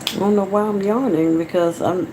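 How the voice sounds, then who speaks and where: Livestreaming from home on her phone, a Southern-accented woman from Atlanta, Georgia, chats and rambles to viewers. She speaks at normal speed in a steady, medium-pitched tone, with background noise present.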